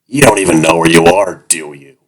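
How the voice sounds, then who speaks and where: A leering male slave overseer, read by a man in an audiobook, with a throaty accent and a mocking, jovial manner. His voice sits at the very bottom of the register, deep and heavy. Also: a little fast, over a noisy crowd, natural voice. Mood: taunting.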